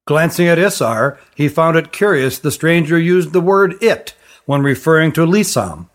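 A man reads a fantasy audiobook in an even, careful manner, his voice sitting slightly high for a man. The narration is steady and clear. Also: moderate pace.

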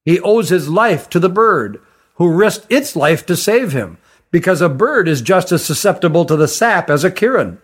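A man voicing a stern male stranger who rides a fox, speaking in a high voice with a measured, explanatory manner. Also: very animated, husky, exaggerated voice. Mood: explaining.

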